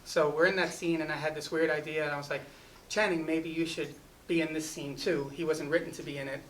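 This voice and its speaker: A man's voice: fairly high pitch, steady tone, fairly quick. Rambling man telling a story. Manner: rambling, full of "you know" and restarts. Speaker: film director speaking at a festival. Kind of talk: casual anecdote storytelling. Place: festival event. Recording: distant mic with faint ambient noise.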